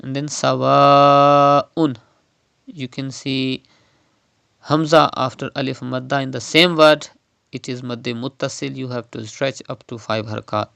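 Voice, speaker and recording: A man teaching Quran recitation step by step, slowly modelling and repeating each word's pronunciation. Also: medium pitch, steady tone, vocal fry, fairly bright tone, no room sound.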